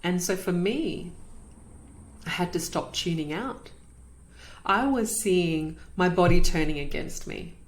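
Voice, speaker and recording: This is a woman in her thirties hosting a podcast and sharing a personal story. Her voice sits slightly low, and she speaks earnestly and reflectively, often repeating words for emphasis. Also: animated, takes it slowly, long pauses.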